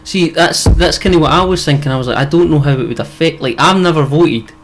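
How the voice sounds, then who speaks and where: A man's voice: a little high, fast talker, slight background noise, rough recording. A young man with a Scottish accent, co-hosting a podcast in casual chat, rambling with lots of fillers and casual swearing. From Scotland. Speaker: podcast co-host.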